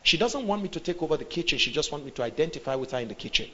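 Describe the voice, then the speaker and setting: A middle-aged man with a Nigerian accent, a pastor preaching about marriage in a lively way, acting out quotes and asking the audience questions. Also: a little high, racing. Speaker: pastor and relationship coach. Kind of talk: sermon on marriage. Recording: dull lo-fi sound.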